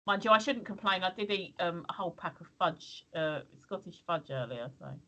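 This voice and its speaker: A woman's voice: on the low side, animated, moderate pace, bright, forceful tone, low-quality recording. An English woman in casual chat on a live stream, rambling and hesitant with many ums. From England. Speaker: stream co-host.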